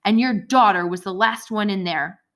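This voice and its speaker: A woman's voice: medium pitch, normal speed, a bit bright, natural voice. A woman reading a clipped polished businesswoman. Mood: brisk. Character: brisk polished businesswoman, sharp and cool.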